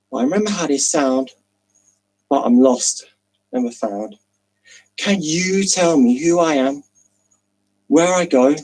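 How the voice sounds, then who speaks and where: A man performing a spoken word poem slowly and dramatically, with long pauses, over a video call. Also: a little high, darkish tone, poor audio.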